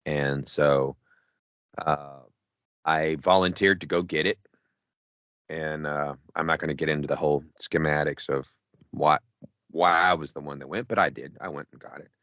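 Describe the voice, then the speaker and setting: A middle-aged man with a very deep voice tells a rambling, profane story on a casual podcast. He acts out what everyone said along the way. The close mic sounds dry, with no room around it. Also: fairly even intonation, moderate pace, long pauses, a bit bright, no room sound, lo-fi sound. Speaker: podcast co-host.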